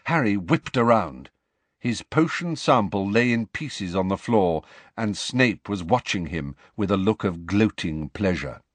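A man reading a novel aloud as an expressive audiobook narrator. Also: a little slow, no room sound. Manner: expressive storytelling with wide pitch swings. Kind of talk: scripted narration.

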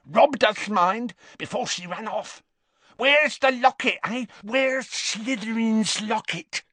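A man's voice: mid-range voice, very animated, a little slow, pushed and bright, no room sound, exaggerated voice. A man voicing a drunken, raging rustic brute. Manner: rough, slurring, coarse rustic speech. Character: drunken, filthy, volatile older male hermit.

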